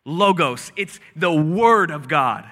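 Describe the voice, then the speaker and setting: A male pastor delivers an animated, breathless sermon in a high, bright voice. He breaks into shouts now and then. The church hall adds a long reverb. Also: slow pace.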